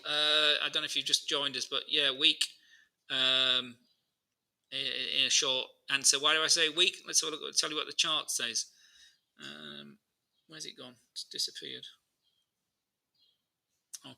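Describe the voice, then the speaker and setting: A man's voice: a little high, creaky, poor audio. Chatty man talking through charts. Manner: chatty, answers viewer questions while talking through charts; many fillers and restarts, relaxed and informal. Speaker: market analyst host. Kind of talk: live market analysis stream.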